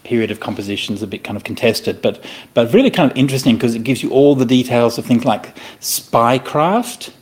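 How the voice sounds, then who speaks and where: A man teaching a Buddhist scripture to listeners in a conversational, animated way, often checking in with "right?" and making playful asides. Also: mid-range voice. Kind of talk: dharma talk explaining a scripture.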